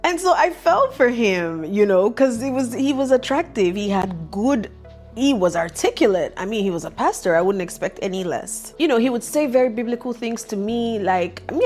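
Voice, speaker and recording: A woman's voice: fairly high pitch, lively intonation, moderate pace, darkish tone, faint music behind. A woman hosting a vlog, telling a candid personal story in a casual, chatty way. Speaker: vlog host.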